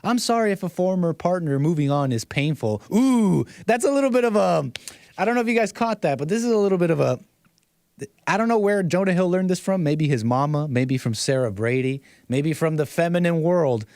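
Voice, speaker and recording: A man's voice: a little high, expressive, brisk, a little mellow, no echo. A man hosting casual online commentary, mocking and rambling, repeating himself and chuckling often.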